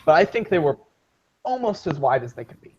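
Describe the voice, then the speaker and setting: Lively higher-voiced man, lo-fi. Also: brisk, slight background noise. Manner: playful, laughing between lines. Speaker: player. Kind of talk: casual tabletop role-play. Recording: dull lo-fi recording.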